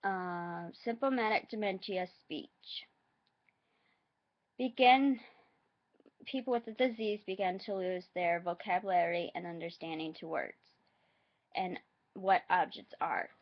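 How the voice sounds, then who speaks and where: A woman vlogger reading facts aloud in a halting, hesitant way, adding her own asides. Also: fairly low pitch, lo-fi sound.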